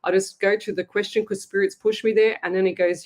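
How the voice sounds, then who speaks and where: An Australian woman hosts a live psychic call-in show. She talks in a chatty, animated way and slips easily into personal stories. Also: mid-range voice, a little fast. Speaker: psychic medium host.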